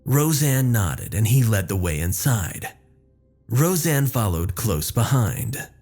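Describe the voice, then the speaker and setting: A man narrates a first-person horror story in a slow, deliberate tone. His voice is low and husky, with a lively rise and fall, and soft music plays faintly behind him. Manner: measured, descriptive storytelling.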